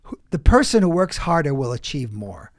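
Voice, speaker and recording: Emphatic higher-pitched man telling stories. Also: big pitch swings. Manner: emphatic, talks in quick bursts with restarts. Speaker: acting coach, podcast guest. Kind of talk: animated interview storytelling.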